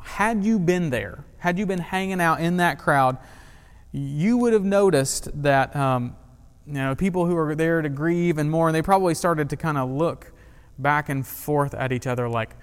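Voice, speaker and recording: A man's voice: a little high, smooth, in a large hall. A man preaching a sermon in a conversational way, with humor and questions to the congregation. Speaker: pastor.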